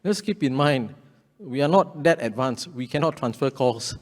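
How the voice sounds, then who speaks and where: A Singaporean-accented man talks a crowd through practical advice in a relaxed, matter-of-fact way, at an average pitch for a man. His voice carries the long reverb of a large hall. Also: normal speed, slight background noise. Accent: Singaporean English. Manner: plain and practical, loose conversational explaining. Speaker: public education official. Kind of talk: panel talk explaining to an audience. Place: event hall with audience. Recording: echoey hall.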